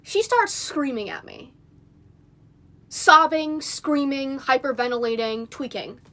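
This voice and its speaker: A woman's voice: sits high, animated, takes it slowly, pushed and bright. A young woman on a phone livestream, venting in an indignant, rambling rant full of fillers. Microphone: phone mic.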